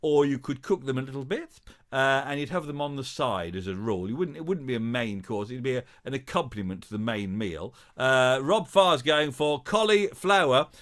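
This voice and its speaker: A man hosts a live online quiz, his voice rising and falling a lot as he talks. He chats in a halting, filler-heavy way and plays along with viewers' guesses. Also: mid-range voice, big pitch swings, a bit bright. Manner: chatty, halting, full of filler sounds; playful, reads out viewer guesses. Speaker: host of a live-streamed show.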